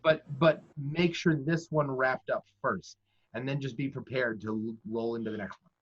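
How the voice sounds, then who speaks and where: A man's voice: mid-range voice, steady tone, moderate pace, slightly rough. A man who works as a professional dungeon master, giving casual, chatty, self-deprecating advice in conversation. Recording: dull lo-fi audio.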